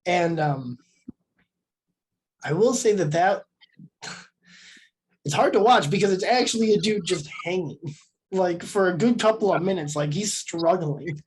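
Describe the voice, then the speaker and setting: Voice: medium pitch, measured pace, long pauses, a little mellow, husky. A podcast co-host talking through a horror film casually, with many "like"s and restarts. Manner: filler-heavy, meandering speech.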